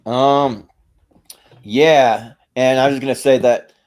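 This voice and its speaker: A man's voice: medium pitch, fairly even intonation, slow, darkish tone. A man on a casual panel chat, hesitant, repeating words and laughing often.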